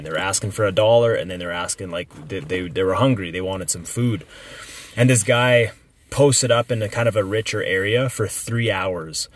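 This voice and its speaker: A young man talking in a casual podcast chat, his voice sitting a little low. He speaks with emphasis, swears freely and fills his talk with fillers and restarts. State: recovering from illness.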